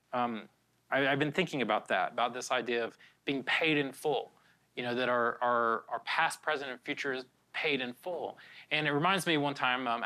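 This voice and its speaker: A man's voice: medium pitch, sharp tone. A middle-aged man, a pastor, preaching an earnest, conversational sermon with repeated phrases and frequent restarts.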